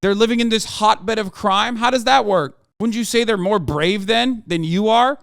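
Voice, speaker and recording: A man's voice: high voice, moderate pace, gravelly, fairly bright tone, no room sound, clean studio sound. A male streamer giving a heated, profanity-laced commentary rant on his livestream.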